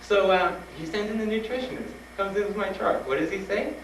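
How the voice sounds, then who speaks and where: A man speaking to students, telling a personal story with animated retellings and frank urging. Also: sits high, a little fast, hardly any pauses. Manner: animated, acts out dialogue, laughs often. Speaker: guest speaker at a school. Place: school hall with an audience. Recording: roomy old tape from a distant mic, noisy.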